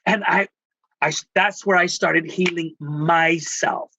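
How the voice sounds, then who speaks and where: Telling emotional stories from his own life, this middle-aged Texan healer and life coach speaks expressively and drops in Spanish endearments. His voice sits high, slow and sharp-toned with a steady tone, and the dull audio carries a little hiss or hum.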